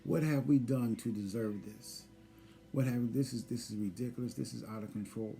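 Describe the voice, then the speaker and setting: A man telling his side of a personal loss story in conversation, quiet and emotional, plainspoken. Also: mid-range voice, steady tone, moderate pace, gravelly, faint music behind. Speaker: husband sharing loss story.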